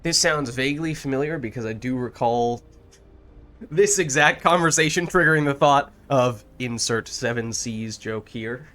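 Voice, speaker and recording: A man's voice: mid-range voice, normal speed, fairly bright tone. A man streaming a video game, chatting casually with a co-player and making dry jokes. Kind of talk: casual gameplay chat.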